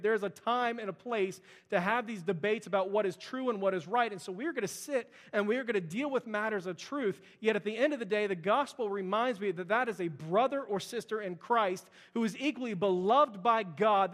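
A man's voice: sits high, a bit bright, big-room sound. A young adult man preaching a sermon as pastor, earnest and repetitive in his emphasis.

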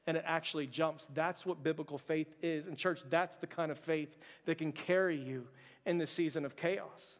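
A man preaching a sermon as a pastor, telling a personal story with humor, and dropping to a hushed voice for his quoted thoughts. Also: fairly high pitch, steady tone, normal speed. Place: church sanctuary. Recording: church hall with long reverb.

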